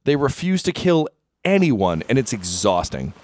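A man serving as a podcast's game master spins casual, animated stories packed with acted-out quotes. He speaks at a moderate pace in a medium-pitched voice.

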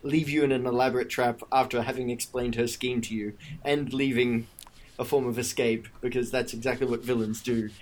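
A man's voice: mid-range voice, flat delivery, a little fast, darkish tone. A man narrating as game master of a tabletop game, talking with frequent restarts and hesitations. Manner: hesitant, with many restarts and fillers.

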